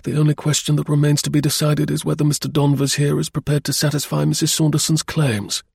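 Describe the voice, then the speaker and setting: A man's voice: a little high, level tone, brisk, vocal fry, fairly bright tone, breathy edge, no room sound, clean studio sound, voice pushed up, full character voice. A man voicing a cold, formal military colonel in an audiobook, speaking in a clipped, frigid way.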